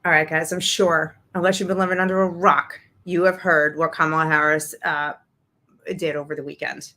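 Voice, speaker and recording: A woman's voice: sits low, flat delivery, normal speed, pushed and bright. A woman from Brooklyn hosting a political commentary show, blunt and sarcastic in a conversational way. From Brooklyn, New York, USA. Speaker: host.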